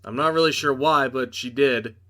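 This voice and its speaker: A man's voice: medium pitch, moderate pace, sharp tone. A young man recapping a TV episode in a casual review, full of sarcastic, exasperated asides.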